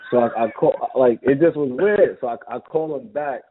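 Over a tinny, phone-like connection with slight background noise, a middle-aged man with a New York accent tells stories as a guest in a laid-back interview. The former basketball player has a mid-range voice and a moderate pace, and he acts out the dialogue with animation.

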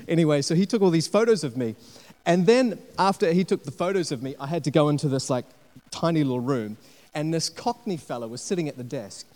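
A man preaching a sermon, telling a personal story with animated delivery and acted-out quotes. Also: medium pitch, fairly quick. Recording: long hall reverb.

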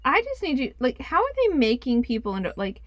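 A woman in casual chat, reacting with quick questions and interjections. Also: fairly high pitch, big pitch swings, highs cut off. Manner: reactive listener, laughing interjections.

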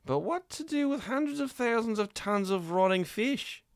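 Gravelly, animated podcast co-host man. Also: moderate pace, no room sound, studio quality. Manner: reads news articles aloud with mock gravity, jumps into squealing high voices. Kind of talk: crude comedy podcast banter.

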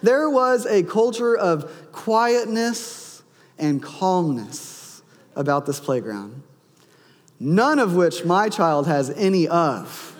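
A man's voice: sits high, lively intonation, slow pace. A man in his thirties, a pastor preaching a sermon, telling a personal story and acting out his son's lines and his own. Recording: long hall reverb.

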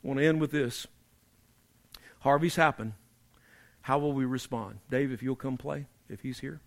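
A man preaching a sermon, emphatic and repetitive, dropping low and quiet to drive points home. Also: steady tone, normal speed, gravelly. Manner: emphatic preaching, repeats key phrases, drops to quiet for emphasis. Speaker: pastor.

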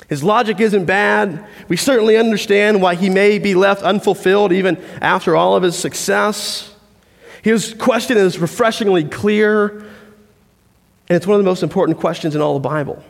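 Male pastor, fairly high voice, lively conversational sermon, reverberant church hall. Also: fairly quick, creaky. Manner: conversational, animated storytelling.

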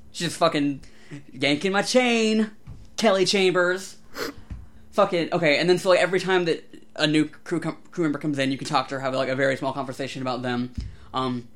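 A man co-hosting a podcast, ranting with animated, profane energy. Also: on the high side. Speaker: podcast co-host. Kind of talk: casual chat.

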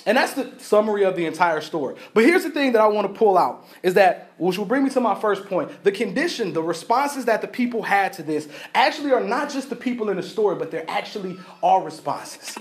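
A man's voice: sits high, lively intonation, brisk. A male pastor preaching a sermon in a casual, storytelling way, acting out the people in the story and often laughing. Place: church.

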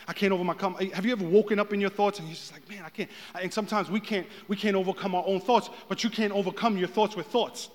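Man, pastor, sermon, high voice, long hall reverb, hushed to shouting. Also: fairly even intonation, fast talker, few pauses. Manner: swings from hushed to shouted preaching.

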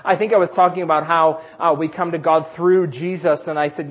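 A man preaching a sermon, telling personal stories with self-deprecating humor in a husky voice. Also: a little high, normal speed, few pauses, lo-fi sound. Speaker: pastor.

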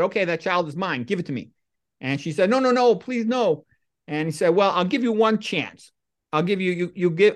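A middle-aged man hosts a podcast and talks his way through comic stories and quotes. His delivery stays deadpan and wanders into rambling asides. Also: high voice. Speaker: podcast host. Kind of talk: comic monologue and storytelling.

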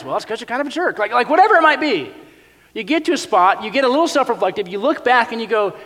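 A man preaching a sermon in a casual, animated way, often acting out quotes in other voices. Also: very high-pitched, quick pace, big-room sound. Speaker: pastor.

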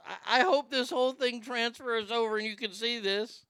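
A male comedy host with a somewhat high, gravelly voice that still rings clear. He rants and rambles excitedly, swears freely and stumbles over restarts. The sound is dry and close, with no room in it. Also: normal speed, dry recording. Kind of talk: crude comedic rant and prank call.

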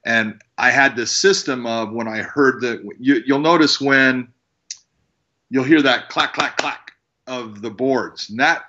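A man who works as a fight referee, telling animated stories and acting out what people said. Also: medium pitch, measured pace, highs cut off. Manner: animated storyteller, acts out quotes. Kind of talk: casual storytelling.

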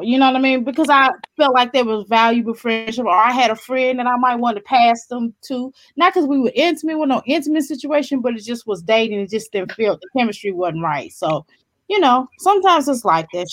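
A woman in casual panel chat, animated and quick to laugh, acting out what she says to people. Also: on the high side. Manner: animated, laughs easily, acts out quotes.

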